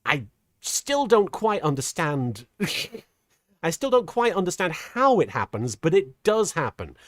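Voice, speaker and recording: A middle-aged woman streams casually, reading super chats aloud in an earnest, halting way with many restarts. Her fairly low, sing-song voice is softened toward a feminine sound, captured cleanly in a studio with no room sound.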